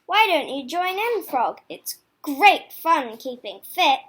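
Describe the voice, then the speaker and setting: A woman voicing an energetic, sport-loving male hare who cheers and whoops. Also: high-pitched, slow, a little hiss or hum, heavily acted. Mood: eager. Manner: loud cheering, shouted hoorays.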